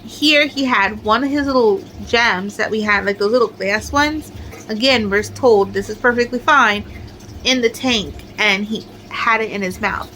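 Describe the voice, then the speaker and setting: Brief: middle-aged woman, fairly high voice, rambling show-and-tell crafter, filler-heavy. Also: unhurried, pushed and bright, slight background noise, rough recording. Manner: chatty, rambling, many "like" fillers. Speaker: crochet crafter showing her amigurumi. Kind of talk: casual show-and-tell chat.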